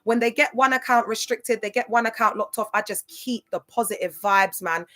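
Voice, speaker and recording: A woman's voice: on the high side, normal speed, bright, forceful tone. A woman hosting a casual livestream, talking emphatically and repeating herself, tearful at times. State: tearful in places. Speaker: livestream host.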